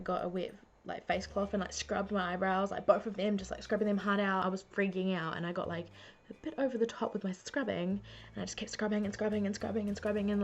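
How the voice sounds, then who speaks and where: A woman's voice: medium pitch, a little mellow. Chatty young New woman vlogging. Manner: chatty, self-mocking, frequent "like". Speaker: beauty vlogger. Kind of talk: casual storytelling to camera. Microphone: camera mic.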